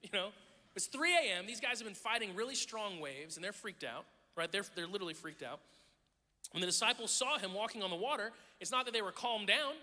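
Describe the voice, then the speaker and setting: A man's voice: high-pitched, a little fast. A middle-aged man preaching a sermon, telling stories with jokes and acting out the voices of the people in them. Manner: animated storytelling, jokes and acted-out quotes. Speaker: pastor. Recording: long hall reverb.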